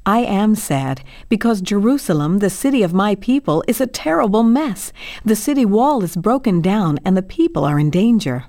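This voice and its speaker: A woman's voice: mid-range voice, animated, moderate pace, mellow, no room sound, clean studio sound, lightly acted. A woman voicing Nehemiah, a humble and faithful young servant in a children's Bible storybook, speaking earnestly. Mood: worried. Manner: earnest and encouraging.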